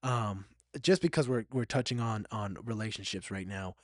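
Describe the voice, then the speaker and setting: A man's voice: lowish voice, normal speed, no room sound, clean studio sound. A man hosting a solo podcast, talking in a candid and reflective way, sometimes getting emotional and repeating himself. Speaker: podcast host.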